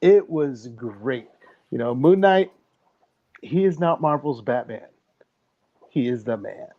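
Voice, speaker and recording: A man's voice: medium pitch, animated, takes it slowly. Enthusiastic man on a dull, lo-fi line. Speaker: podcast co-host. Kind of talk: casual podcast chat. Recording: dull lo-fi sound.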